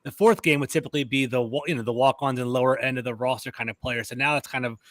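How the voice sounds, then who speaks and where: Fast-talking male sports show host. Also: medium pitch, steady tone, a bit bright, no room sound. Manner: rambling, conversational, fast-talking. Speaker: podcast host. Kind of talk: casual sports chat.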